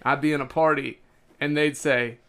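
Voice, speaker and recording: A man with a smooth, resonant voice co-hosts a casual podcast. He reads out numbered lists, jokes, and teases his co-hosts. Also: a little high, fairly even intonation, moderate pace, pushed and bright. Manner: jokey, teasing, laughs at his own puns. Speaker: podcast co-host. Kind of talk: casual chat, reading a list.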